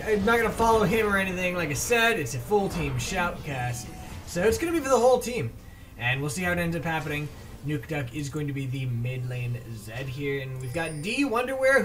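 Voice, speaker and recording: A man's voice: fairly high pitch, a bit bright, slight background noise. A man casting a video game match alone, in a casual, rambling way, often stumbling over player names. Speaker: esports shoutcaster. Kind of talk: solo video game commentary.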